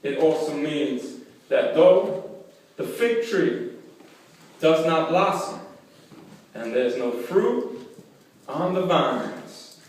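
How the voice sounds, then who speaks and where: A man in the pulpit delivers a slow, deliberate sermon in a voice a touch higher than usual. His phrases rise to loud emphatic peaks and then fall away quietly. The sound is distant, with a heavy church-hall echo. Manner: slow deliberate phrasing on key lines, quick asides when storytelling. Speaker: pastor.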